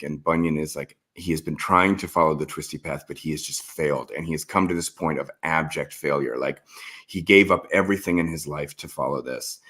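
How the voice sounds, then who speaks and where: A man's voice: extremely low pitch, fairly bright tone. A man, the author, talking earnestly and with feeling about his novel in an interview. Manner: earnest, heartfelt and reflective.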